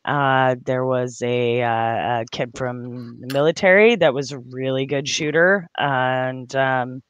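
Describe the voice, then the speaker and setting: A man in casual podcast chat, speaking haltingly with many fillers. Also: medium pitch, fairly bright tone, clean tone, no room sound, dull audio.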